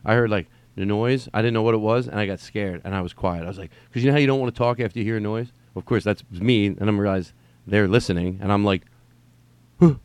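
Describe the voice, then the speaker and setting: A man's voice: on the low side, fast, darkish tone, smooth, no room sound. A man hosting a solo podcast from home, rambling and swearing, often restarting his sentences. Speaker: podcast host. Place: at home during quarantine.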